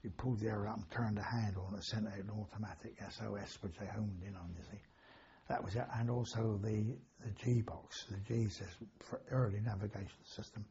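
An older Englishman, a war veteran being interviewed for an oral history, recalls wartime memories in a rambling, anecdotal way, chuckling and correcting himself. His voice is lowish, steady, brisk, creaky and warm, on dull audio with slight background noise.

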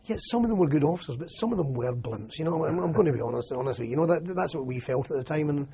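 A man's voice: a little high, animated, rapid-fire, creaky, crowd noise. An older Scottish man, an army veteran, recalling his service in a rambling, anecdotal oral history interview full of "you know" and restarts. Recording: muffled lo-fi recording.

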